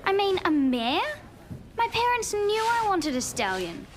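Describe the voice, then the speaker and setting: A woman's voice: extremely high pitch, sing-song, unhurried, a little hiss or hum, full character voice. An actress playing a spoiled, snobbish rich teenage girl in a TV drama, whining in a haughty way. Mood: sulky. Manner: haughty, whiny complaint. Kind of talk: teen TV drama acting.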